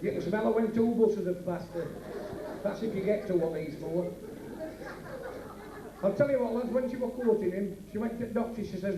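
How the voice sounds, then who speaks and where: A man's voice: high-pitched, moderate pace, pauses often, dark tone, a little hiss or hum. A man with a Yorkshire accent doing a bawdy stand-up routine at a working men's club, bantering brashly with the crowd. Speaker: club comedian. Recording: echoey club from far off, faint ambience, 1980s.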